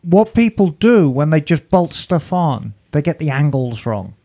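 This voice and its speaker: A man's voice: fairly high pitch, a little slow. A man co-hosting a motorcycle podcast, explaining repairs in casual chat. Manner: animated, explaining mechanics, teasing. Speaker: podcast co-host.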